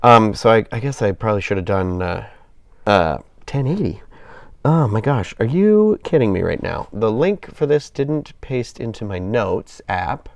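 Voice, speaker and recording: A man's voice: on the low side, expressive, a little slow, vocal fry, no echo. Stuffy-nosed man chatting on a stream. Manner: rambling, apologetic, self-deprecating. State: stuffed up with a cold. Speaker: live streamer. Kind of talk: casual live-stream chat while gaming.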